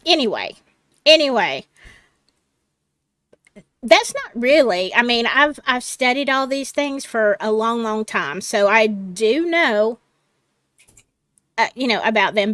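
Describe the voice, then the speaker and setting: Slow-talking woman host. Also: fairly high pitch, a bit bright, no echo. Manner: slow, chatty, laughs easily. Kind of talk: casual panel chat.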